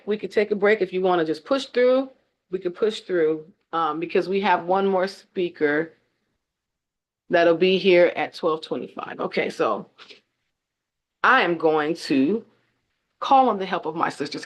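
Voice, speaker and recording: A woman hosting an online event, telling her own story with deep feeling and close to tears, speaking straight to her audience over a video call. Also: unhurried. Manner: tearful, heartfelt, speaks directly to the audience. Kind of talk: emotional testimony on a video call.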